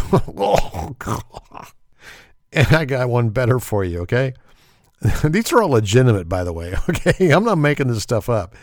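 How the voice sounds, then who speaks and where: A man's voice: medium pitch, big pitch swings, unhurried, no echo, clean studio sound. Wry, chuckling man host. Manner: wry, sarcastic, laughs often. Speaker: podcast host. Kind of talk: casual comedic chat.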